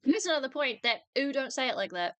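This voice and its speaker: A woman's voice: high voice, animated, fast, a bit bright, dry recording, muffled recording. A woman hosting a casual livestream reaction chat, crude and teasing, laughing often as she talks over a video. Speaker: streamer host.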